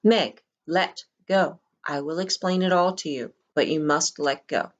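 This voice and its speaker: A woman voicing a hypnotized little boy in a storybook reading, speaking in a bland, calm, reasonable way. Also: low-pitched, unhurried, dull audio. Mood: eerily calm. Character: boy, the young protagonist's hypnotized little brother, cold and eerily calm.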